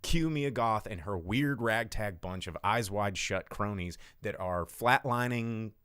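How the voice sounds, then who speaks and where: Low-voiced man rambling through a movie recap. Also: a little slow, fairly bright tone, clear, resonant tone, no room sound, clean studio sound. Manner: rambling, irreverent, swears freely. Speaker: podcast host. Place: home studio.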